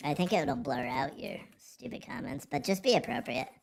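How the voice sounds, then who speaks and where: A man's voice: fairly high pitch, very animated, moderate pace, creaky, slight background noise. A man hosting a casual livestream, joking, rambling and swearing freely as he reads the chat. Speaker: livestream host.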